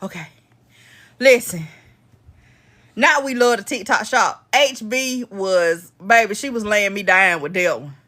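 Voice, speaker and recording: A woman hosting a casual live-stream recap, chatty and animated as she talks to her viewers. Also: mid-range voice, a little slow, long pauses.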